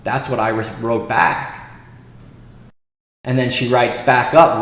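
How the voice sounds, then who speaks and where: A man hosting a trading show, telling an indignant story and reading messages aloud in a lively, exasperated way. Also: medium pitch, slow pace. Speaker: day trading show host. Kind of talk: casual livestream talk. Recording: echoey room with long reverb.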